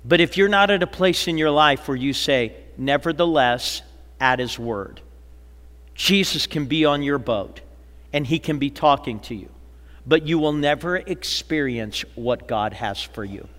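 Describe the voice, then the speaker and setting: A man pastor preaching a sermon, slowing and dropping to a hush for emphasis and acting out the people he quotes. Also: fairly high pitch. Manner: dramatic preaching, slows and drops to a hush for emphasis; acts out quoted people in a lively voice. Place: large church auditorium. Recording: long hall reverb, church sanctuary.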